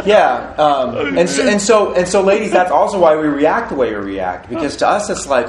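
A man in his forties, co-hosting a casual marriage-advice chat, who talks in halting bursts with many restarts. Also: fairly high pitch, big pitch swings, a loud crowd. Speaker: podcast co-host. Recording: echoey room with faint noise.

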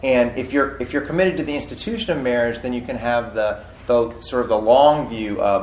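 A man in his forties, co-hosting a casual marriage-advice chat, who talks in halting bursts with many restarts. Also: medium pitch, a little mellow. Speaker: podcast co-host. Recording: echoey room with faint noise.

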